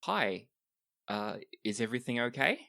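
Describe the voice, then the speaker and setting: A game master voicing Kieran, a concerned, calm man who mentors the heroes, in a tabletop game. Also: mid-range voice, normal speed, gravelly, no room sound, clean studio sound, heavily acted.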